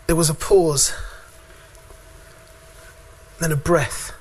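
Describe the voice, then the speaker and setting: A man with a notably high voice performs spoken word poetry. He recites with a steady rhythm and leaves long, deliberate pauses between lines. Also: breathy edge. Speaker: father speaking at a conference.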